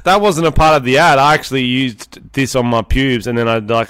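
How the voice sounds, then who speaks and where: A man's voice: medium pitch, fairly quick, fairly bright tone, clear, resonant tone. Sweary Australian man in podcast banter. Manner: crude, sweary and jokey. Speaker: podcast co-host.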